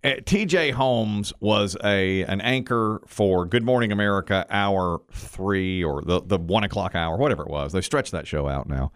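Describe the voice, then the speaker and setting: A man's voice: low-pitched, moderate pace, hardly any pauses, no echo, studio quality. A middle-aged man hosting a talk show, chatting casually and telling a story, acting out the quotes. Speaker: radio show host.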